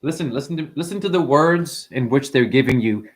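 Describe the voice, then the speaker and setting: A man ranting profanely to his livestream chat, often mimicking customers in high voices. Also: lively intonation, brisk. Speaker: livestream host. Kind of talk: rambling livestream rant.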